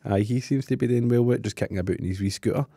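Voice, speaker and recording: A man's voice: medium pitch, racing, gravelly, dry recording, clean studio sound. A Scottish man hosting a casual podcast, telling stories with lots of laughter. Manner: animated storyteller, laughs often. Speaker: podcast host.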